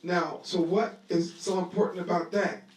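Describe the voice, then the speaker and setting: A man teaching a Bible lesson to a live audience in a lively sermon style, talking conversationally, acting out scenes, and leading call-and-response. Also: high voice, normal speed. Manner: conversational, acts out scenes with voices. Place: room at a live gathering. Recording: echoey live room audio, voice distant.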